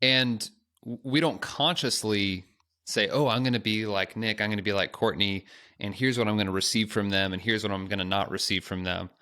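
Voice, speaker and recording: Bright-voiced male podcast co-host. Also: fairly low pitch, steady tone, moderate pace. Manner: conversational, self-deprecating, rambling asides. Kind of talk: casual podcast chat.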